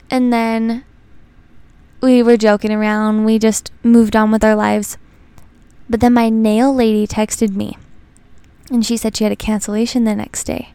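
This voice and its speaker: A woman's voice: mid-range voice, level tone, moderate pace, mellow, clean tone. A young adult woman hosting a podcast, chatting casually and telling rambling personal stories. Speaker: podcast host. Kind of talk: casual chat.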